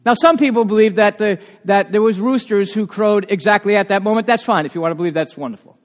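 A male pastor preaching a sermon in a church, animated and emphatic, with frequent asides to the congregation. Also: sits high, fast. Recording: long reverb of a large hall.

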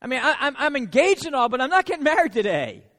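A man's voice: extremely high pitch, sing-song, fast, bright, forceful tone, voice pushed up, heavily acted. A man voicing a bewildered young woman who stammers in disbelief. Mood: incredulous. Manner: stammering, incredulous. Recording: long reverb of a large hall.

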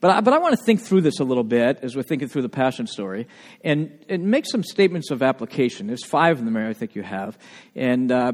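A man with a New England accent, a pastor preaching a sermon in a lively, conversational way, full of rhetorical questions. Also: fairly high pitch. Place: church sanctuary. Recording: long church reverb.

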